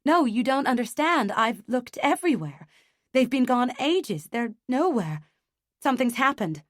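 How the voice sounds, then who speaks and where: A woman reading an audiobook, voicing a panicked young mother who sobs and shouts in a raised, strained voice. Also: a little high, sing-song, measured pace, no echo, studio quality, voice pushed up.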